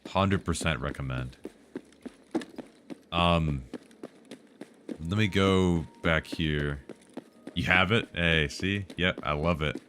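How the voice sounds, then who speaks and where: A man's voice: deep voice, slow, long pauses, background noise. A man streaming live, chatting casually about tech and answering viewers' questions in a rambling, joking way.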